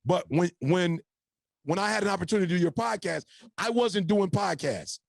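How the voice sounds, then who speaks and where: High, gravelly man preaching motivation. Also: animated, moderate pace, no echo. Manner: preacher-like, punchy, addresses the audience as y'all. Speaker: motivational speaker, podcast guest. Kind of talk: emphatic motivational storytelling.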